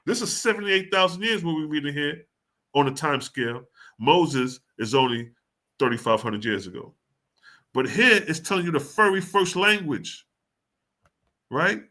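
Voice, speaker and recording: A man's voice: fairly high pitch, normal speed, long pauses, pushed and bright. A man reading passages of scripture aloud and then explaining them in casual, slangy, emphatic talk. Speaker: scripture teacher.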